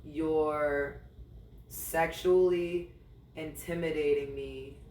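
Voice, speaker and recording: Talking extremely slowly in a steady, a little mellow voice on the high side, a podcast host tells a personal story in a blunt, profane, candid monologue aimed straight at his ex. The roomy recording is a little off-mic from a distant mic, with a little hiss or hum.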